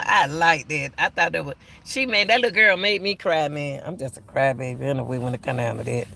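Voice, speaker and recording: Older male host, gravelly and bright-toned, emphatic casual commentary. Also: high voice, a little fast, hardly any pauses, a little hiss or hum. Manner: emphatic, repeats himself. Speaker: YouTube commentator.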